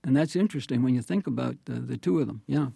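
A man with a gravelly, husky voice, dark in tone and slightly high for a man, is interviewed as an author on a radio show. He talks in a reflective, anecdotal way and often restarts his phrases. The studio sound is dry and close. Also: quick pace, no echo. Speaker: author and guest.

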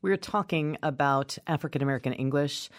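A radio call-in show host giving clear scripted introductions and asking an interview guest questions. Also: medium pitch, fairly quick.

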